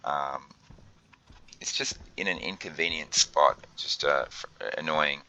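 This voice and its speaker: A man's voice: very deep voice, a little slow, pushed and bright, rough recording. A young man thinking aloud while he plays a game, often flustered, with many fillers and restarts. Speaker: gaming video host. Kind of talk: let's play commentary.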